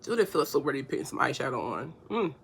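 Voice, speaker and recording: A woman's voice: very deep voice, expressive, quick pace, gravelly, a little hiss or hum. A woman hosting a casual livestream while doing her makeup. She chats to her viewers, answers their comments and gets easily touched, filmed on the front camera of a phone at home. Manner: chatty, reads comments aloud and answers them, easily touched. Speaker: beauty livestream host.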